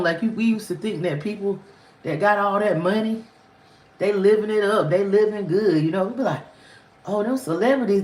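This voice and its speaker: A woman chats on a livestream in a loose, rambling storytelling style. Her voice jumps high and drops low as she talks. The room around her has a noticeable echo. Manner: candid, rambling, with frequent pitch swings. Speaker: livestream host. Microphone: phone or webcam on a livestream.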